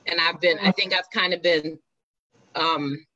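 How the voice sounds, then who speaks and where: A woman hosting a live interview talks in a reflective, halting way, stopping to find her words. Her voice is bright and forward, and the sound is dry and close. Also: lowish voice, steady tone, no room sound, dull audio. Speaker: host.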